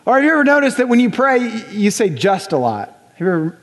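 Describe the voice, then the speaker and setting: Man, sermon, high voice, animated, conversational, long church reverb. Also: fast talker. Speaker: pastor. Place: church sanctuary.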